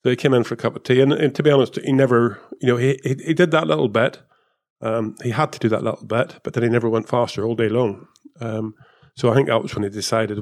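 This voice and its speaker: A man's voice: medium pitch, fairly even intonation, fast talker. A man, a former motor racing engineer, talking casually in an interview, rambling with many fillers and restarts. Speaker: former F1 technical director and race engineer.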